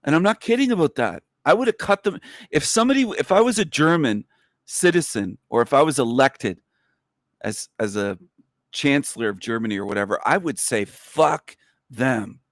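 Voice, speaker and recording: A man's voice: sing-song, fairly quick, no room sound. Angry ranting man, dry close sound. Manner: angry, profane, repetitive, pitch climbing when worked up. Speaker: livestream host. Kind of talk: ranting livestream monologue.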